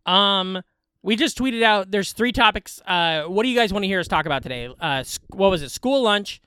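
A man co-hosting a loose comedy podcast, joking quickly and laughing often. His voice sits high and comes across crisp and clear. The recording is dry and close, with no room sound. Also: expressive, sharp tone, no room sound. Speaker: podcast co-host. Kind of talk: casual comedy podcast chat.

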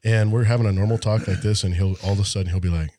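A man's voice: on the low side, steady tone, very fast, mellow, dry recording, clean studio sound. A man co-hosting a podcast, joking around in a playful, casual way. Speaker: podcast co-host. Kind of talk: casual chat.

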